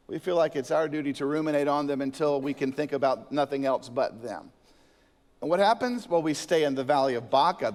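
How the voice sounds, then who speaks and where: Animated pastor preaching in a reverberant sanctuary. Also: male voice, a little high. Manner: storytelling preacher with a joke, animated emphasis. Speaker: senior pastor. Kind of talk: sermon. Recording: reverberant church hall.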